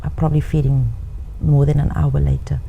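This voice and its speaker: A middle-aged woman in an interview, recalling her experience in a reflective, measured way with some fillers. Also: sits low, little pitch movement, gravelly, narrow, tinny audio, a little hiss or hum. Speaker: interviewee and author. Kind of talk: interview testimony.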